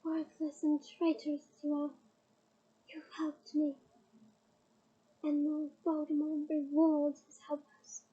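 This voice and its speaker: Woman reads a soft-spoken, menacing male dark lord, slow and cold, high mellow voice, dull lo-fi sound. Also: completely flat delivery. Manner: slow, soft, coldly measured speech. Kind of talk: audiobook reading.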